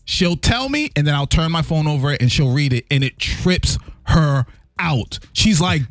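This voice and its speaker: A man with a fairly high, very lively voice tells stories in relaxed radio banter. He sounds earnest and animated, recorded close and dry in a studio. Faint music sits behind him. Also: measured pace, dry recording. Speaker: radio co-host. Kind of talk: casual chat, storytelling.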